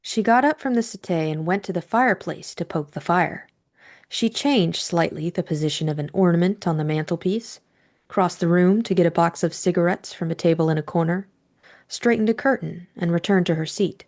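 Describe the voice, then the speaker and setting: A woman reading scripted audiobook narration in a measured, even manner. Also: on the low side.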